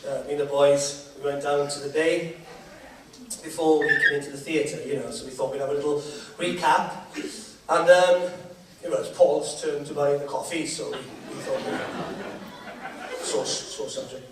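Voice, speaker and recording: A man's voice: fairly high pitch, steady tone, normal speed, pauses often, a crowd in the background, noisy background. A man telling stand-up stories in a chatty way, with asides to the audience. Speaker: comedian. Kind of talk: stand-up comedy. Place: theatre stage. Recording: echoey theatre from far off.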